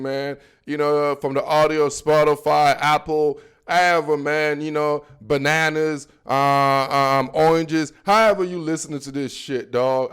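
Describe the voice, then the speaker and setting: A young man with an African accent hosting a football podcast, riffing in slangy, animated casual talk and stretching words out for emphasis. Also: on the high side, clear, resonant tone. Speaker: podcast host.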